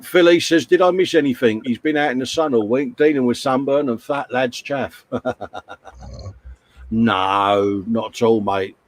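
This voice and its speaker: A man's voice: medium pitch, a little slow, no echo. A man, co-hosting a live stream and chatting casually while reading viewer comments aloud. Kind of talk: casual banter.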